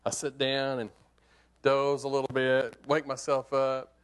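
A man preaching, telling a hunting story as a sermon illustration in an animated, conversational way that swings from hushed to excited. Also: medium pitch, unhurried, clear, resonant tone.

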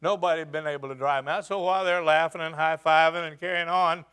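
A man's voice: on the high side, fairly even intonation, fast, hardly any pauses, bright, forceful tone, clear, resonant tone. A man preaching a sermon, retelling a scripture story dramatically with rhetorical questions.

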